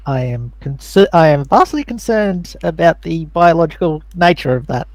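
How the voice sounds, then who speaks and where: A man's voice: a little high, lively intonation, moderate pace, a little mellow. A man playing a tabletop role-playing game, talking in character with a laid-back, wry manner. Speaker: player.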